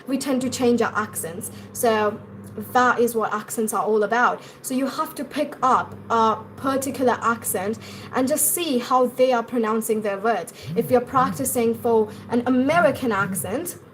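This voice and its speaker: A young woman with an Indian English accent teaches pronunciation on a live stream, responding to viewers' comments along the way. Her voice is fairly high and her pace normal, with a little hiss or hum in the background.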